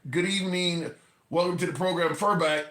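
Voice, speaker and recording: A man's voice: high voice, normal speed, echoey room. A man hosting a live political call-in show, talking indignantly and reading viewer comments aloud. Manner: animated, indignant, reads chat comments aloud.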